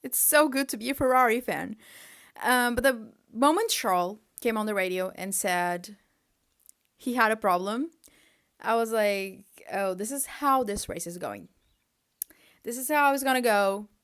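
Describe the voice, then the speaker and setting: A young woman vlogger chatting casually, an exasperated fan full of "like" and quick asides. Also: on the high side. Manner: animated, exasperated fan ranting with lots of "like". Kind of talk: casual chat.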